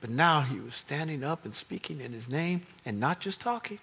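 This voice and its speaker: A man with an American accent preaching a sermon, telling the story in an animated way and acting out the voices of the people in it. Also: on the high side, normal speed, husky. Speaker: pastor.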